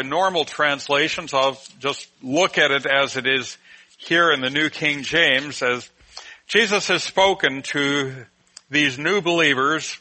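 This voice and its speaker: Man, Bible teacher, slow deliberate delivery, pausing often, bright tone. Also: fairly high pitch, rough recording. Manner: slow, deliberate explaining with frequent pauses and fillers. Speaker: preacher teaching Bible class.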